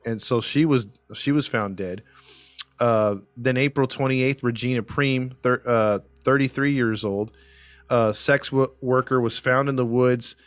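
A man's voice: mid-range voice, fairly even intonation, a little slow, no room sound. A man co-hosting a casual true-crime podcast, telling the story with lots of fillers and restarts. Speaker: podcast co-host.

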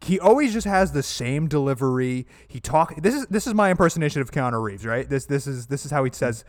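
A man's voice: mid-range voice, big pitch swings, brisk, dry recording, clean studio sound. A man co-hosting a casual podcast chat, blunt and opinionated, swearing and laughing often. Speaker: podcast co-host.

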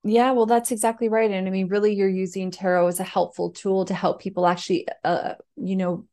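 A woman's voice: mid-range voice, flat delivery, fairly quick, dark tone. A woman hosting a spiritual podcast, interviewing a guest in an affirming, conversational way. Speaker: podcast host.

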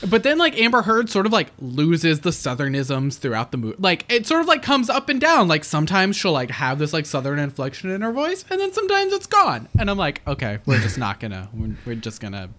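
A podcast co-host talking casually about a film, animated and laughing, full of "like" and quick asides. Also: medium pitch. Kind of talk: casual movie review chat.

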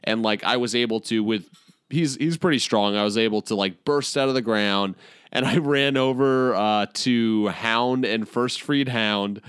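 Low-voiced man animatedly recapping his game. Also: a little slow, smooth, dry recording, clean studio sound. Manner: animated, laughing storyteller with many fillers. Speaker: player. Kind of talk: casual recap of a tabletop game.

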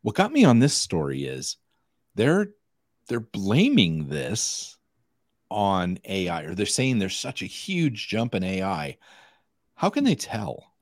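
A man's voice: on the low side, huge pitch swings, slow pace, no room sound, studio quality. A man co-hosting a podcast in casual chat, telling stories animatedly and acting out quoted dialogue. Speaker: podcast co-host.

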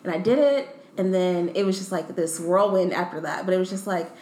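A woman's voice: on the low side, brisk, darkish tone. Chatty young woman in an echoey room. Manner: chatty, many "like" fillers. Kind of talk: casual chat. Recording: echoey room, faint background noise.

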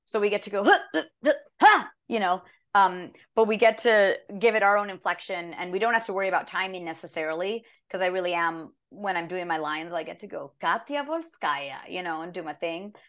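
A woman voice actor chatting in an interview, animated and acting out bits of her lines as she talks, with a dry, sarcastic edge. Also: fairly low pitch, fairly quick, hardly any pauses. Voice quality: can sound dry and sarcastic. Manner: animated, acts out lines mid-story. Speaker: voice actor guest. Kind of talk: casual interview chat.

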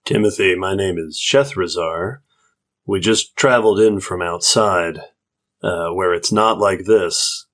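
A man playing a tabletop role-playing game, speaking calmly and plainly. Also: deep voice, measured pace. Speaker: player.

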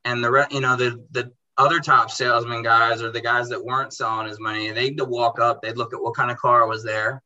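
A young man who runs a car detailing business, telling animated stories in casual chat and acting out dialogue in quotes. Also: mid-range voice, a little fast, few pauses, lo-fi sound. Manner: animated, acts out dialogue in quotes, says bro and dude. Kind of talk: casual storytelling in a podcast chat.

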